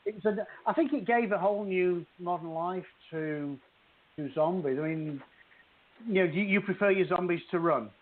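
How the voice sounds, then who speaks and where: A man talks and reads aloud over a thin, phone-like line. His voice sits fairly high for a man, and he rambles with many restarts before settling into the reading. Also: moderate pace. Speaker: author guest. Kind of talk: casual podcast chat and book reading. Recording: tinny phone-like call audio.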